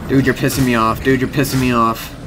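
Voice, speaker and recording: A young man giving let's-play commentary, excitable, swearing a lot and yelping and shouting when his character takes hits. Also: mid-range voice, a little fast, background noise. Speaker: gaming YouTuber.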